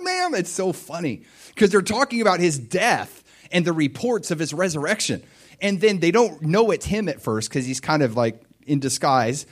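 A middle-aged man preaching a sermon in a casual, conversational way. His voice sits a little high and swings widely as he tells the story. He acts out the voices of the people in it with lots of expression. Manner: animated storytelling, acts out voices of biblical figures. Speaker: pastor.

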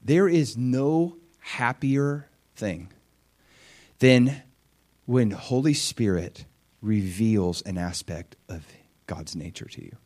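A man preaching a sermon with animated, emphatic delivery and frequent questions to his listeners. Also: lowish voice, slow pace.

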